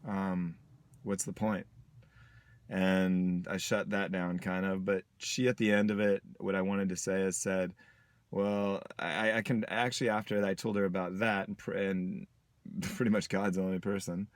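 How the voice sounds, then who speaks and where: A man with a low, deep voice speaks in a personal video diary. His delivery is reflective and halting, broken up by pauses. The sound is dry and close, with no room around it. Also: little pitch movement, no echo. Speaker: vlogger.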